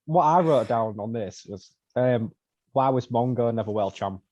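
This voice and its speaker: A man's voice: mid-range voice, expressive, moderate pace, a little mellow, dull audio. A man co-hosting a casual wrestling podcast, making dry, wry asides. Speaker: podcast co-host. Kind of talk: casual wrestling review chat.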